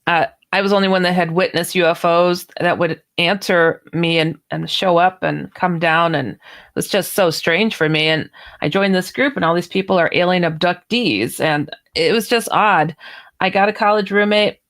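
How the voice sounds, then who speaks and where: A woman author appears on a radio interview, telling a personal story with a fairly low voice at a moderate pace. She tells it in an animated way, acting out the quoted dialogue.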